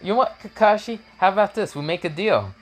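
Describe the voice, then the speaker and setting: A man's voice: high-pitched, sing-song, a little fast, voice pushed up. Man as a sly lady ninja sensei, teasing, fan story read. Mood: scheming. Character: scheming adult female ninja teacher.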